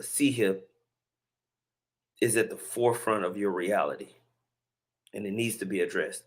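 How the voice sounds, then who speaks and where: A man's voice: fairly low pitch, fairly bright tone. A man hosting a religious commentary video, talking in a laid-back, slangy way with laughing asides. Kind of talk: casual commentary.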